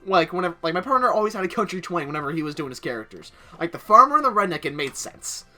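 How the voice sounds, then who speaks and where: A young man telling a long, rambling story while he plays a game. His voice is bright and swings widely in pitch, full of filler words. Faint music plays underneath him. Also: very animated, fast talker. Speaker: gaming channel host. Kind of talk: casual gameplay commentary.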